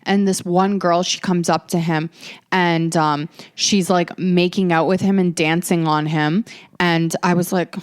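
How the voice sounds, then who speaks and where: A woman in her early twenties hosts a podcast, spinning stories in a sassy, ranting, profane style over casual chat. Her voice sits fairly low and moves at a moderate pace.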